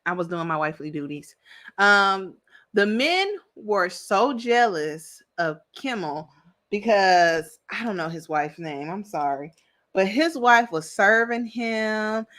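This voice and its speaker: A woman's voice: medium pitch, lively intonation, slow, a bit bright. A woman giving a casual, sassy recap of a reality show, chatty and opinionated, with plenty of slang. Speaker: reality TV commentator.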